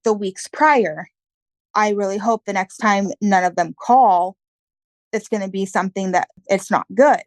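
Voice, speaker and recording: A woman's voice: mid-range voice, no echo. A woman telling her story as an interview guest, in plain, earnest, casual talk with some fillers.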